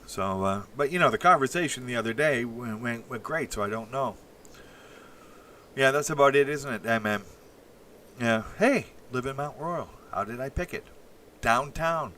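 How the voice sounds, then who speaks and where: Reading out and responding to chat on a casual livestream, a man from Canada speaks in a bright, forceful, mid-range voice with lively intonation. He meanders, restarting and halting often. Faint hiss is present in the background.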